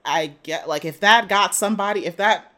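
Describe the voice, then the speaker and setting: A woman's voice: medium pitch, a little fast, fairly bright tone. A woman co-hosting a casual podcast chat, talking hesitantly with lots of fillers and trailing off. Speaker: podcast co-host.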